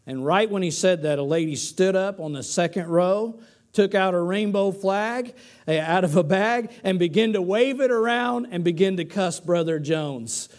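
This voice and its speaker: A man's voice: high-pitched, moderate pace, a little mellow. A male pastor preaching a sermon, telling stories with frequent restarts and rising to emphatic peaks, recorded in a church sanctuary.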